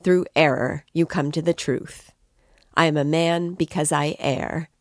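A woman reading the part of an excitable, tipsy young man who rambles and declaims with passion. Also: sits low, a little slow, no room sound, studio quality. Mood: impassioned. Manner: impassioned, rambling, emphatic.

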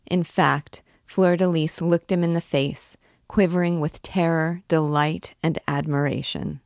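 A woman narrating a classic novel aloud in a measured storytelling manner. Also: low voice, fairly even intonation, vocal fry, a little mellow, no room sound, studio quality. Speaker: narrator of a read-along.

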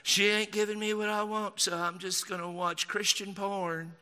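Preacher doing a lazy, sulky husband with a Southern US drawl, bright and echoing. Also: male voice, high voice, little pitch movement, moderate pace, smooth. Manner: drawling mockery. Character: sulky married man, lazy and selfish.

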